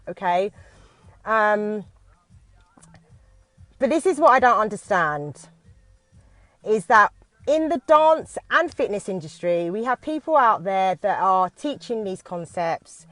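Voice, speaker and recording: A British woman who teaches dance talks into her phone from inside a parked car on a live video, nervous and halting, with frequent restarts. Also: medium pitch, lively intonation, a bit bright, dry recording. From United Kingdom.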